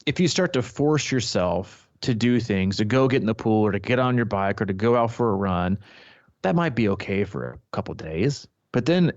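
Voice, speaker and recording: A man with a lowish voice talks loosely as a triathlon coach, circling back and restarting his sentences. The recording is dry and a bit dull, lacking top end. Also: animated, moderate pace, no room sound. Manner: rambling, frequent restarts. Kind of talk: casual podcast chat.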